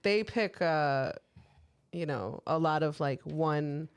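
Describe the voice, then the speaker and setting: A woman's voice: low voice, slow pace, clean tone, no echo. A woman from the United States co-hosting a podcast, rambling casually with many fillers and laughs. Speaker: podcast co-host. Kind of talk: casual chat.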